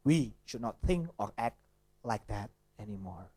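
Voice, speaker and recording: Pastor preaching in English. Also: male voice, lowish voice, animated, measured pace, mellow, breathy edge. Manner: asks the audience questions, with some Indonesian asides. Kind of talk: sermon.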